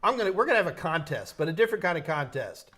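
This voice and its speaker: Racing along in a bright, forceful, somewhat high voice, a very animated New York man runs a live stream answering tech questions. His talk is loose and joking, and he thinks out loud, often restarting.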